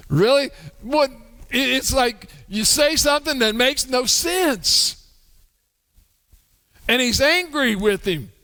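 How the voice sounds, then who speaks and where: A man's voice: very high-pitched, pushed and bright. A male pastor delivering a humorous sermon in a church, acting out the voices he quotes. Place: church sanctuary. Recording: long church hall reverb.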